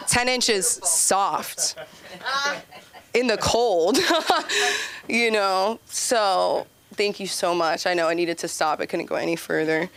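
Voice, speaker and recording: A woman's voice: lowish voice, measured pace, a bit bright, slight background noise. Giggly, chatty woman doing stand-up. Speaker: stand-up comic and show host. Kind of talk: open mic stand-up. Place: comedy club stage.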